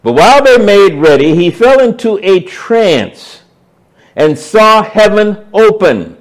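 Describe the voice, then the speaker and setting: A man preaching a sermon, stressing key words by repeating them and swinging between loud emphasis and hushed asides. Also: fairly high pitch, poor audio.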